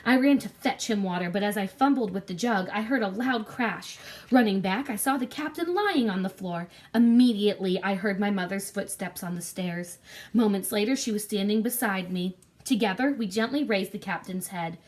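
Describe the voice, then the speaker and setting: A woman narrating a classic adventure story in a clear, measured reading voice. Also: mid-range voice.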